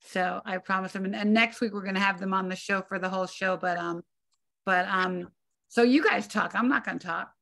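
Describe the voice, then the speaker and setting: Upbeat woman talk show host, gravelly. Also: medium pitch, steady tone, a little fast, bright, forceful tone.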